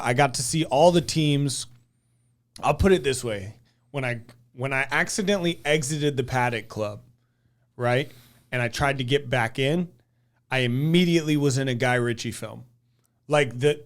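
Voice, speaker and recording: A young man co-hosting a podcast, telling stories animatedly and acting out quotes in exaggerated voices. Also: moderate pace. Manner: animated storyteller, acts out quotes in high voices. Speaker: podcast co-host. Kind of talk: casual chat.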